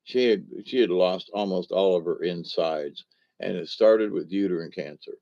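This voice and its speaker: A man's voice: low-pitched, moderate pace, creaky, warm tone. A man, talking in a folksy, meandering monologue that wanders between topics. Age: 60s. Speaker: vlogger. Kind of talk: rambling casual monologue. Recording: dull lo-fi recording.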